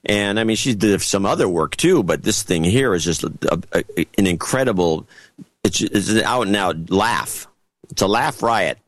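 A male podcast co-host talks in a lively, swooping voice, sarcastic and full of restarts as he reads from a report. His voice is recorded close and dry, with no room sound. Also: lowish voice, normal speed, no echo. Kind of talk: casual political chat.

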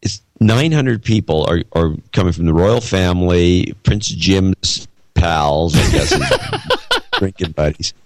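A man's voice: deep voice, wildly swooping pitch, slow pace, dry recording. A man co-hosting a podcast in casual chat, asking skeptical, probing questions. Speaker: podcast co-host.

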